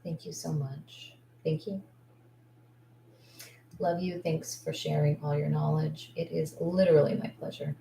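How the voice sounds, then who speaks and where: A woman coach talks straight to her viewers in a loose, rambling way, candid and gushing with thanks, full of likes and restarts. Her voice sits a little low for a woman. The sound bounces around an echoey room. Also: little pitch movement, measured pace, gravelly, pauses often, warm tone, slight background noise. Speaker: esthetician business coach. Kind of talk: casual livestream chat.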